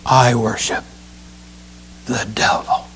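A man preaching who puts on the voice of a spooky male devil worshiper with a low, whispery, menacing drawl. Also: level tone, takes it slowly, a bit bright, breathy edge, heavily acted. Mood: menacing whisper.

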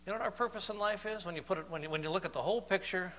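A man preaching a sermon, moving between loud, emphatic declarations and soft, slow, questioning passages. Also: sits high, big-room sound, a little hiss or hum.

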